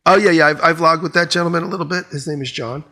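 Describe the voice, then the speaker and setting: A man's voice: on the high side, steady tone, quick pace, sharp tone. A man co-hosting a podcast, telling a long rambling story with lots of restarts. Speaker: podcast co-host. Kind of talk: casual chat.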